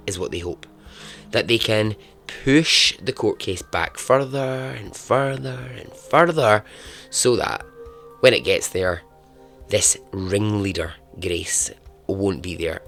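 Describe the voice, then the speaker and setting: A man, hosting a podcast and telling a true story in a casual, chatty way, breaking into animated asides and frequent laughs. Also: deep voice, gravelly. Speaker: podcast host.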